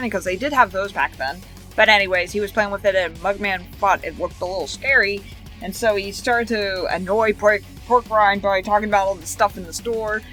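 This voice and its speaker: Recapping episodes of a cartoon, this female show reviewer rambles casually, linking each event with "and then" and "like" and slipping in giggly asides. Her voice is medium-pitched and a bit bright.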